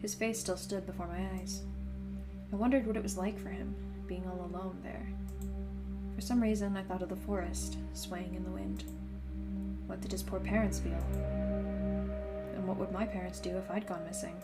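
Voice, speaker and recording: A woman's voice: lowish voice, steady tone, normal speed, pauses often. A young woman playing through a story game, reading its text aloud with chatty, laughing asides. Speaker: gaming channel host. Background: game music.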